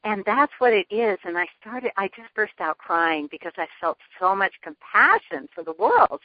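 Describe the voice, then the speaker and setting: A woman guest telling a personal story in an interview, earnest and lively, laughing often. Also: mid-range voice, normal speed, no room sound. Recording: dull lo-fi phone line.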